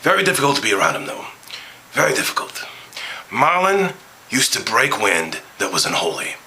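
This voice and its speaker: A brash, crude, flirty aging male film star , as a man puts him on, with a gravelly voice that swings wildly up and down. He lurches from hushed whispers to barked shouts. The tone is strikingly bright and sharp. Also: medium pitch, big pitch swings, moderate pace, a little hiss or hum, poor audio. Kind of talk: comedic celebrity impression.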